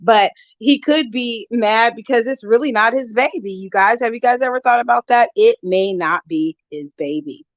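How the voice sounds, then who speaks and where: A woman's voice: on the high side, moderate pace, hardly any pauses, no echo. A woman vlogger chatting casually on a live stream, greeting viewers and giving gossipy commentary on online drama, a bit winded. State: winded, out of breath. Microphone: phone. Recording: dull lo-fi, dry sound.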